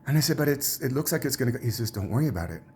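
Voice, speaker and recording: A man telling a personal religious testimony in a rambling, halting way, full of restarts and trailing asides. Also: medium pitch, lively intonation, darkish tone, a little hiss or hum. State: tired, emotionally drained. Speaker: religious teacher.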